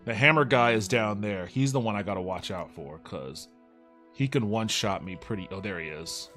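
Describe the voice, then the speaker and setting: A man's voice: lowish voice, normal speed, fairly bright tone, faint music behind. A man giving casual, rambling gameplay commentary, joking around and swearing when frustrated. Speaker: let's play host.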